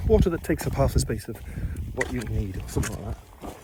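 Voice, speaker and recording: A man's voice: medium pitch, animated, fairly quick, background noise. A man, chatting casually into a handheld phone outdoors on a hillside, rambling and self-deprecating. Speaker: amateur radio vlogger. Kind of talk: casual hiking vlog narration.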